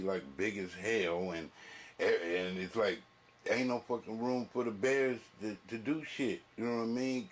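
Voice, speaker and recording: Man ranting with profanity. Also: medium pitch. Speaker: reaction video host. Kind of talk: casual reaction commentary.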